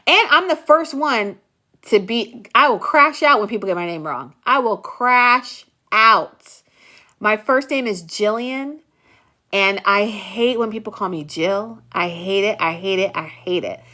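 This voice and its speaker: Animated bright-voiced woman teasing her class. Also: medium pitch, normal speed. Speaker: class host. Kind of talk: casual live-class chat with viewers.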